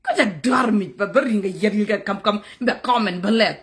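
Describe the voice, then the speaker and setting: A woman content creator streams live, scolding her commenters in an angry, heated rant while switching between English and another language. Her mid-range voice is brisk, with a fairly bright tone.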